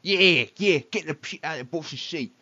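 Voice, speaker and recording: A man voicing an eager male thug henchman who shouts in high, loud bursts. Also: moderate pace, dull audio.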